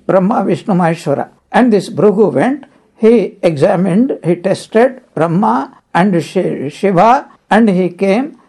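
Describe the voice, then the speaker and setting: A spiritual teacher gives a discourse on scripture, telling stories and explaining Sanskrit terms one at a time without hurrying. The voice is mid-range and mellow, with a breathy edge.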